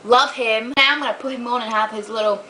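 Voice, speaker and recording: A young woman ranting to her camera in a casual vlog, chatty and animated, swearing as she tells stories. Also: on the high side, fast talker, background noise. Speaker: vlogger.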